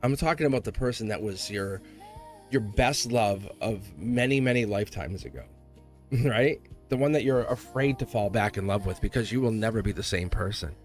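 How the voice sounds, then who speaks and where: Excitable man reading tarot live. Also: fairly low pitch, moderate pace, faint music behind. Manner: excitable, rambling, laughs often. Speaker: tarot reader.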